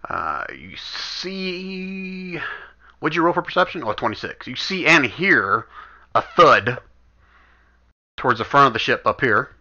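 Here the game master talks at a normal speed, stopping often, his mid-range voice sounding pushed and bright. He speaks casually and thinks out loud as he moves pieces on the map of his tabletop game. It comes through as dull, lo-fi voice chat audio.

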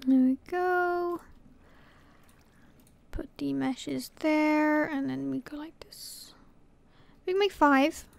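A woman's voice: high-pitched, slow, vocal fry, pauses often, no room sound. A woman from Scotland commentating her gameplay casually, muttering to herself and often dropping to a whisper. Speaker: gaming channel host.

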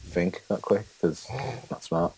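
A man's voice: deep voice, steady tone, takes it slowly, darkish tone, husky. A man chatting casually while playing an online drawing game, drawling and self-deprecating, laughing along. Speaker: co-host of gaming channel. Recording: faint background noise.

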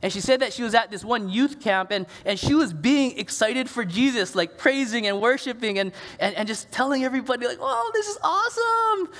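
A man's voice: very high voice, brisk, few pauses. Male pastor, casual sermon delivery, stumbling repeats, echoing church hall. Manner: conversational, repeats words, animated. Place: church sanctuary. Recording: long church reverb.

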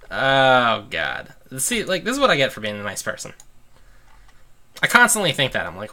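A man talks over his game from a room at home, venting his annoyance in a rambling rant broken by laughs. His voice is bright and forceful, pitched in a middle range for a man. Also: wildly swooping pitch, unhurried, long pauses. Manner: irritated, ranting with laughs. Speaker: let's play host. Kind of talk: gameplay commentary.

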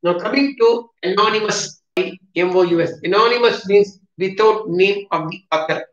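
A man's voice: high voice, normal speed. A man with a South Indian English accent teaching vocabulary in a classroom, spelling words letter by letter and repeating himself. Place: classroom with a board. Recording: roomy, distant, dull classroom recording.

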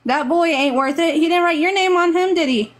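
A woman's voice: extremely high pitch, brisk. A woman from Texas with a Texan accent, giving rambling, earnest, motherly advice on a live stream over a phone mic.

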